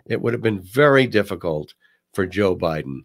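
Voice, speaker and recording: A man hosting a talk show, giving casual political commentary with a swooping, animated delivery and frequent restarts. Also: sits low, normal speed, dry recording, clean studio sound.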